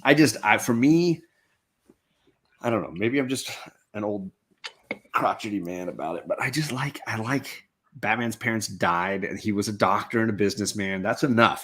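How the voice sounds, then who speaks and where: A man with a very deep, low voice hosts a laid-back hangout chat. He talks easily and laughs often between thoughts. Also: fairly bright tone. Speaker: host. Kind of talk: casual chat.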